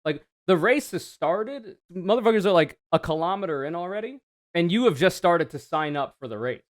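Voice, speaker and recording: Sarcastic man with a lively, bouncing voice. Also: high voice, normal speed. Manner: sarcastic, animated, swears freely. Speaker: streamer reacting to a video. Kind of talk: casual reaction commentary.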